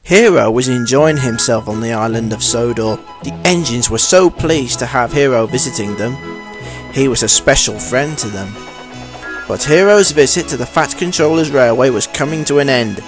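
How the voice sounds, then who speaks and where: A man narrating a children's railway story in a steady, plain reading voice. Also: medium pitch, moderate pace, over music.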